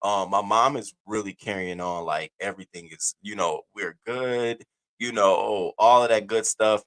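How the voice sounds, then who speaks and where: A man's voice: fairly low pitch, fairly even intonation, unhurried, pushed and bright. A man in his thirties hosting a casual live stream, candid and profane, swinging between laughing and heavy moments. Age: 30s.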